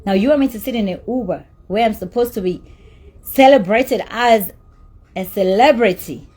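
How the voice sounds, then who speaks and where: A woman's voice: fairly high pitch, normal speed, darkish tone, breathy edge. A woman telling a story about a dispute in an angry rant, heated and emphatic, with swearing. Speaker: celebrity recounting a dispute.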